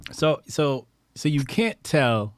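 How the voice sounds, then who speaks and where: A man's voice: on the high side, sing-song, slow, no echo, studio quality. A man co-hosting a podcast in casual chat, teasing and pressing his partner with questions. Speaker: podcast co-host.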